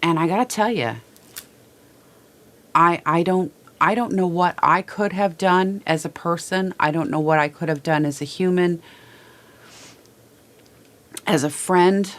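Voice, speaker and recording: A woman hosts a heartfelt talk from a small studio, her voice low in pitch. She speaks slowly and haltingly, stumbling and repeating words. She is plainly holding back tears. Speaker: host. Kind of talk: heartfelt personal talk to viewers.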